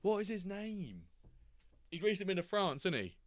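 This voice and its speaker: A man's voice: high-pitched, big pitch swings, normal speed, no room sound. A man hosting a live stream, chatting casually and joking as he reacts to chat and the games.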